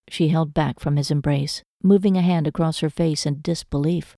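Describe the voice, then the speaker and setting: Woman reading a romance audiobook, low mellow voice, dry close mic. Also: fairly even intonation, moderate pace, vocal fry, no room sound. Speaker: audiobook narrator. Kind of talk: scripted narration of a romance.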